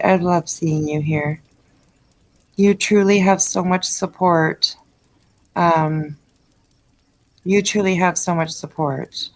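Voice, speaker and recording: A woman with a lowish, gravelly voice hosts a casual late-night livestream. She talks to her viewers in a chatty, effusive way, with lots of ums along the way. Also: poor audio. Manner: chatty and effusive, many fillers. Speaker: livestream host reading chat.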